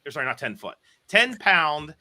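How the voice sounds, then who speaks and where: A man who is a biology professor, guest on a podcast, telling animated stories with laughter and casual swearing. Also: a little high, moderate pace. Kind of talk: animated storytelling.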